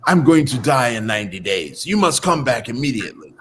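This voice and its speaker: A man voicing his elderly qigong master as a stern, insistent old man, slightly lower than his own voice. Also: big pitch swings, a little fast, a bit bright, a little hiss or hum. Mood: pleading, commanding.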